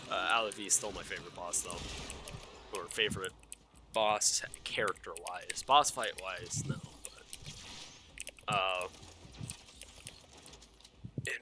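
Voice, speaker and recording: A young man rambling excitedly about a video game, swearing a lot and stumbling over fillers and self-corrections. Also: sits low, takes it slowly, long pauses. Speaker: gaming video creator. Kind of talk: excited, rambling gaming commentary.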